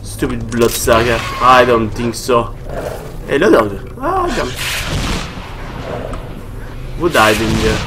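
A man's voice: mid-range voice, fairly even intonation, measured pace, noisy background. Rambling young man narrating a game. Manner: rambling, jumpy, panicky bursts. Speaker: let's play gamer. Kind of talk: casual gameplay commentary.

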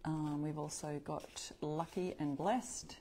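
Streaming live from her home craft space, a woman hosts an upcycling session, chatting with viewers, reading their comments aloud, and correcting herself as she works. Her voice is deep and dark, delivered slowly in a steady tone, with slight background noise.

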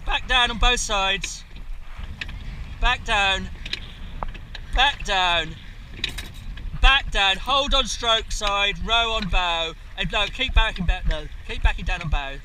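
A man coxing a junior rowing crew, shouting urgent commands and calling rowers by name, recorded outdoors on open water from a camera on the boat. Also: high voice. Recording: loud wind and water noise. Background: loud rushing wind and water.

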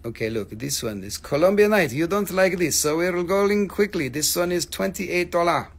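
A middle-aged man hosting a live-stream sale of rocks and minerals, talking in an excitable, hyping way and swearing freely. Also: sits high, normal speed. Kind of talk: live-stream sales chat.

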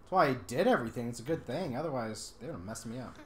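A woman's voice: a bass voice, animated, fast, a crowd in the background. A woman co-hosting a gameplay video, chatting casually and teasing her partner with jokes. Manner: joking, teasing, playful. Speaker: let's play co-host. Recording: roomy echo.

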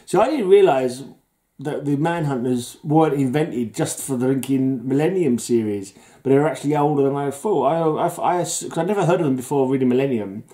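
A man with a mellow, darkish voice at an ordinary pitch chats casually through his comic book collection. He is easily amused and chuckles often while he talks. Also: moderate pace.

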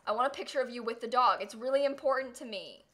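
A woman's voice: a little high, fast, a bit bright. A young woman streaming a life-sim game, chatting casually, gushing and giggling over her pets and thanking viewers. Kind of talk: casual livestream gameplay chat.

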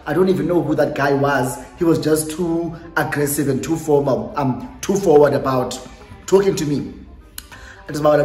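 A young woman with a South African accent tells a storytime to her vlog audience, lively and chatty. She drops Xhosa phrases into her English as she goes. The room is echoey, and faint music plays underneath. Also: low-pitched, moderate pace. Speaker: YouTuber.

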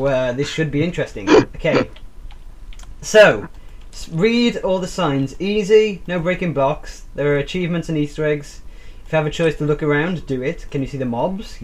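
A man's voice: fairly high pitch, expressive, normal speed. A young man, hosting a casual gaming video, chatty and joking as he reads on-screen text aloud. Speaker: host.

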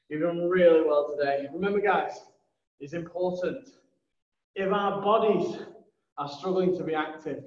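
A man with a high voice leads a lively kids' martial arts class, shouting out drills and praise at an unhurried pace. He sounds far from the mic in a very echoey room, and the recording is dull. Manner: upbeat, calls out commands loudly. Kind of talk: energetic kids' class instruction.

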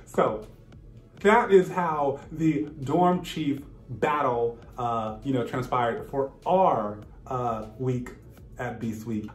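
A man's voice: mid-range voice, roomy sound. A man vlogging casually, telling a story with laughter and acting out what people said. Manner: animated, laughing, acts out quotes.

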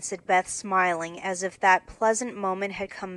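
A woman narrating a classic novel in a steady, clear scripted reading. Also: medium pitch, moderate pace, hardly any pauses, no room sound, poor audio. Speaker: audiobook narrator.

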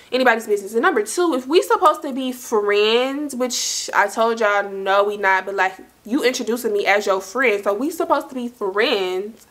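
A woman's voice: on the high side, normal speed. A young woman from the United States, casually telling a storytime to her viewers and acting out the dialogue. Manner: animated, acts out quoted dialogue, talks to viewers directly. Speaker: storytime vlogger.

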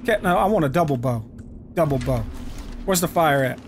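A young man doing let's play commentary, excitable and profane, trash-talking the enemies in his game. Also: on the high side, a little fast, a little hiss or hum. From United States. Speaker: gaming YouTuber.

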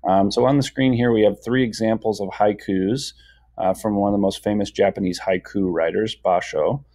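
A young man teaching a lesson over a shared screen, patient and full of fillers, slowing down to sound out words. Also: lowish voice, steady tone, a little mellow.

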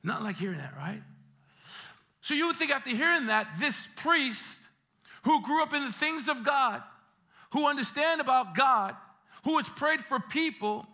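A male pastor from Brooklyn, preaching a sermon in a church with lively jokes and streetwise asides. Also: extremely high pitch, normal speed. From Brooklyn, New York. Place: church sanctuary.

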